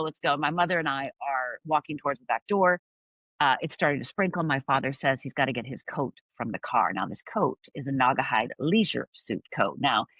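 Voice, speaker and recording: A middle-aged woman from Upper Michigan tells her story as an interview guest. She brings each moment to life and acts out the voices. Her voice is bright and sharp, recorded dry and close. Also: deep voice, no room sound, rough recording.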